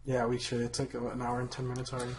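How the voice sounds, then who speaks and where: A man's voice: medium pitch, completely flat delivery, fast talker, a little hiss or hum. A man co-hosting a casual podcast with a friend, telling a story in a loose, profane way with lots of fillers. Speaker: podcast co-host.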